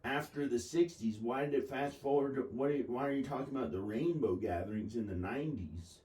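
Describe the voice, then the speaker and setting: A man in a relaxed chat who keeps cutting in with questions. His voice sits at a middle pitch. He sounds set back from the microphone. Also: a little fast, reverberant, far from the mic, rough recording. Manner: interrupts with questions. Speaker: listener asking questions. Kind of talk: casual conversation.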